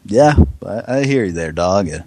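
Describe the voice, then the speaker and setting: A man co-hosting a comedic mock radio show, drawling and deadpan, often laughing at the jokes. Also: low-pitched, normal speed, slight background noise.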